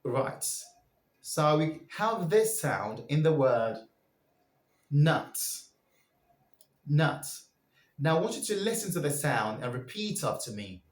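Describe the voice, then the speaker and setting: Guy teaching vowel sounds real slow, kinda high voice, echoey room. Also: big pitch swings. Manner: drills sounds for listeners to repeat. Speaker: pronunciation teacher. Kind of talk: slow pronunciation lesson.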